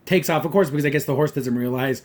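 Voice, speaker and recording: On his podcast, a man with a fairly high, darkish voice talks fast through a casual, rambling review of a cartoon episode. He's wry and critical, hedging constantly with "kinda" and "like."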